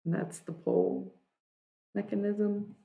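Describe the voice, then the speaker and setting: A woman's voice: mid-range voice, steady tone, slow pace, warm tone, a little hiss or hum. A woman livestreamer chatting casually with her viewers, rambling and laid-back, with lots of fillers and restarts.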